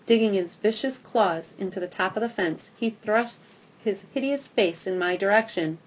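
A woman narrating a first-person audiobook with an expressive, dramatic storytelling manner. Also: medium pitch, normal speed.

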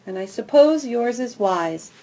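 A woman voicing a gruff, cynical female dog who grumbles and sneers in a storybook reading. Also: on the high side, animated, a little slow, mellow, dull audio, voice pushed up. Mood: sarcastic. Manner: grumbling, sarcastic.

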